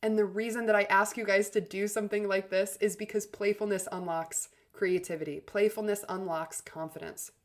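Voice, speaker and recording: A woman with a mid-pitched voice hosts a motivational self-help podcast. Her delivery is upbeat and chatty, and she often says "like" and "literally" as she encourages listeners. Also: steady tone, normal speed, few pauses. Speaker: podcast host and communication coach.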